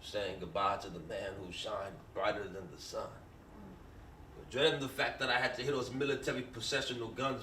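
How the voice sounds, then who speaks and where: A man at an open mic performing a rhythmic rhyming spoken word tribute, then speaking softly and hesitantly. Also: lowish voice, level tone, normal speed, recorded from a distance. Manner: rhythmic rhyming delivery, soft hesitant when chatting. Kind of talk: spoken word poetry then casual remarks. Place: open mic at a poetry library. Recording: echoey room, heard from afar, faint noise.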